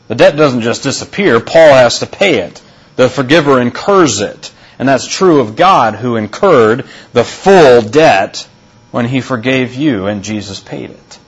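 Husky-voiced male pastor preaching. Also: medium pitch, animated, muffled recording. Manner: deliberate, repeats key phrases for emphasis. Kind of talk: sermon.

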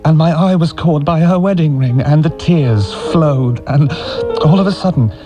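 A man's voice: a little high, normal speed, music in the background. A man giving an anguished, emotional dramatic reading of letters. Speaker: reader.

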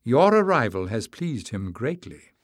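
A man reading an audiobook voices a calm, firm woman who leads her village, speaking in a measured and dignified way. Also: medium pitch, husky, no room sound, studio quality. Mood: composed.

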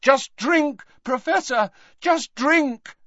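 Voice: mid-range voice, sing-song, slow, a bit bright, dry recording, highs cut off, voice pushed up, heavily acted. A reader voicing a frightened teenage boy who urgently and shakily coaxes someone to drink, in an audiobook. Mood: desperate. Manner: urgent, pleading, shaky. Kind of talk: audiobook character voice.

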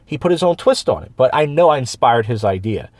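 A man's voice: medium pitch, sing-song, a little fast, dry recording. A man who hosts a podcast and does open mic comedy, telling long stories in casual chat full of restarts and quoted voices. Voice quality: rambling storyteller with many restarts and quoted voices. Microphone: studio microphone.

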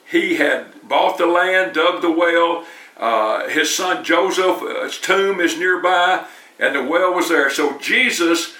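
A man's voice: a little high, sharp tone. A man preaching a sermon in a church, talking in a conversational way and often repeating words as he restarts. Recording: roomy, distant mic.

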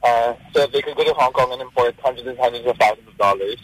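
A man's voice: mid-range voice, fast, a bit bright, breathy edge, low-quality recording. Hesitant male caller. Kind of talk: telling a story on a radio call-in.

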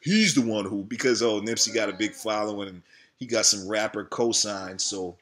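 This man's voice is lowish and a bit bright, moving at a moderate pace. He's a video creator in a casual vlog, venting about his channel in a heated, profane rant that keeps circling back on itself.

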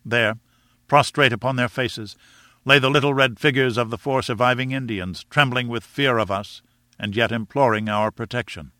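A man reading an adventure novel aloud as narrator, in a measured, steady storytelling manner. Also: medium pitch, dry recording, clean studio sound. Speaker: audiobook reader. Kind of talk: scripted narration.

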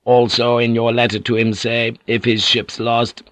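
A man voicing a shrewd, weary older warlord who speaks in a measured, calculating and quietly commanding way. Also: medium pitch, little pitch movement, no room sound, close to an everyday voice. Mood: calculating, intimate.

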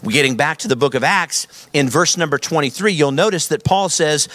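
A man's voice: fairly high pitch, animated, brisk, a bit bright, no echo. A middle-aged man, a pastor preaching a sermon in an emphatic, repetitive storytelling manner.

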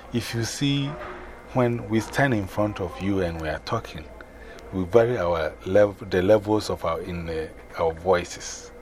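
A man from Ghana talking in a measured, advising way in casual chat, recorded in a noisy room. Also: on the low side.

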